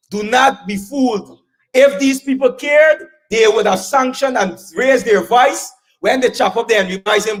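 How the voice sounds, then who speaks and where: A man with a Guyanese accent works a crowd at an outdoor political meeting. His voice sits high, and he keeps asking the crowd questions to draw them in. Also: poor audio. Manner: fiery, rousing the crowd with call and response. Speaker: political rally speaker. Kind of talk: campaign rally speech.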